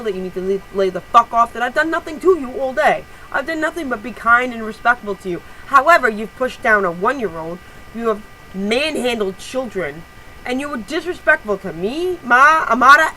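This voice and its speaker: A woman's voice: a little high, bright, forceful tone, a little hiss or hum, poor audio. A woman vlogging to camera, telling a heated story with lots of swearing and strong emphasis. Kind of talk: casual vlog rant.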